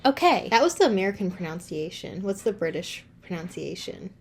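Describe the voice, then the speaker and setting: A woman's voice: lowish voice, big pitch swings, fairly quick, slight background noise. A young woman chatting casually in a book review, slangy and self-deprecating.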